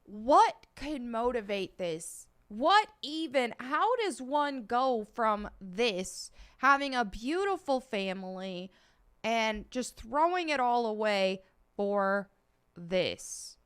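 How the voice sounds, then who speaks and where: Flat, bright-voiced woman commentator. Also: a little high, slow pace, clean tone. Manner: flat, monotone delivery. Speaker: online commentator in a clip. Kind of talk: scripted video commentary.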